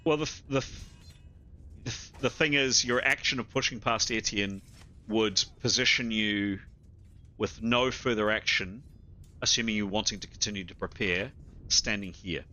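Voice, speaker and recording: A man running a tabletop game as game master, talking in halting bursts and repeating words as he rules. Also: lowish voice, pushed and bright, highs cut off, soft background music.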